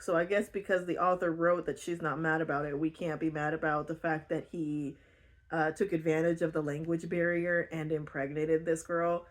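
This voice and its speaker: A woman casually retelling a book, animated and indignant, laughing easily. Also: low voice, normal speed. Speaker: book vlogger.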